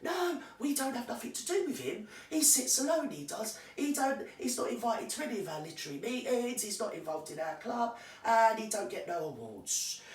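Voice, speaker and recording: A woman telling a rambling comic story in a chatty manner with deadpan asides. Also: on the high side, moderate pace, hardly any pauses, roomy sound, far from the mic.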